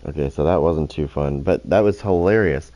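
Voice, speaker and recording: A man's voice: very deep voice, normal speed, mellow. A man hosting a gaming channel, talking casually and profanely over his gameplay, often restarting his sentences.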